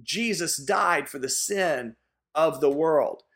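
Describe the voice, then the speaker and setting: Slow, earnest preaching man. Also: on the high side, a bit bright. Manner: earnest, emphatic preaching with repetition. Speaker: pastor. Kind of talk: sermon.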